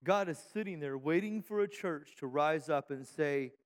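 A pastor preaching a fervent sermon, firing off repeated rhetorical questions and calling for amens from the congregation. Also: male voice, a little high, moderate pace. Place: church sanctuary. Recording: long hall reverb from a church.

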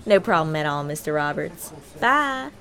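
A woman's voice: deep voice, sing-song, normal speed, a bit bright, voice pushed down, exaggerated voice. A woman playing a sassy female customer service agent with sugary phone politeness. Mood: polite.

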